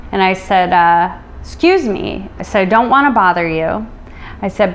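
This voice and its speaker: A woman's voice: mid-range voice, slight background noise. A middle-aged American woman telling a personal story, emotional and full of reported dialogue. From United States. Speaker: guest.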